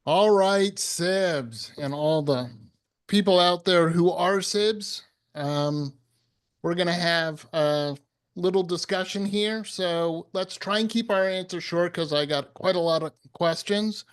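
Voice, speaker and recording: A man's voice: high-pitched, slow pace, smooth. A man moderating an online panel on a video call, friendly and upbeat. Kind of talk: casual moderating.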